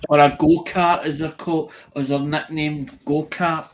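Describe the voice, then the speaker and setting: A man's voice: a little high, little pitch movement, unhurried, a little hiss or hum. A man chatting casually, repeating words as he explains. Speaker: livestream guest. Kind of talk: casual chat.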